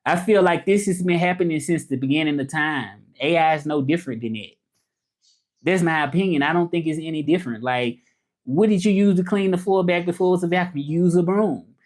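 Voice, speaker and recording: A man's voice: on the high side, a little fast, a little mellow. A man with a Southern US accent, chatting casually on a livestream and answering viewers as he talks about languages and interpreting.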